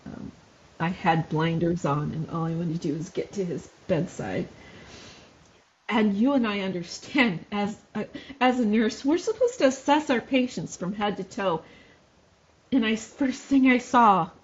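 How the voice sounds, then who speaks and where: A woman's voice: medium pitch, measured pace, muffled recording, slight background noise. A middle-aged woman, a former nurse, telling her story on a podcast in an earnest way, laughing often as she speaks. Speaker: podcast guest, mother of a wounded soldier. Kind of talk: emotional podcast conversation.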